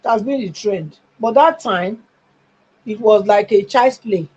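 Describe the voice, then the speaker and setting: A husky-voiced middle-aged Nigerian woman giving call-in commentary on a live stream. She talks emphatically, pushing up toward near-shouting. The audio comes through slightly dull and lo-fi. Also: medium pitch, a little slow.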